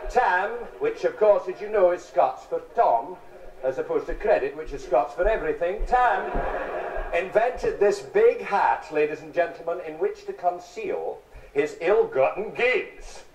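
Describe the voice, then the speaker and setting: A man's voice: high voice, background noise. Wry man in his forties, joking on stage. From England. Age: 40s. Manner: wry, punning, with quick asides to the audience. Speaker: stand-up comedian. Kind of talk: music hall comic patter to a live audience. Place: large theatre. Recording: roomy, distant, dull 1970s theatre broadcast with audience laughter. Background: audience laughter.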